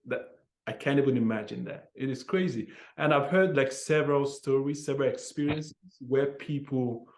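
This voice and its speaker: A man hosts a conversational interview at a mid-range pitch. He speaks in an animated way, often restarting his phrases. His voice echoes around the room. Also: moderate pace.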